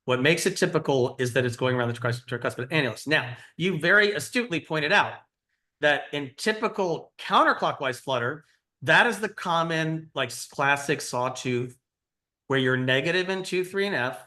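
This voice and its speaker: A man's voice: a little high, animated, normal speed, bright, forceful tone. A middle-aged man giving a conversational teaching lecture, explaining and quizzing his audience. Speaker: cardiology lecturer.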